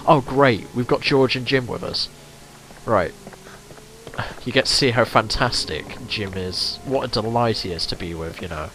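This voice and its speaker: A man's voice: mid-range voice, normal speed, slight background noise. A man giving casual, rambling commentary while playing a video game, swearing often. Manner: chatty, rambling, lively swearing. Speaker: let's play host. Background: game music.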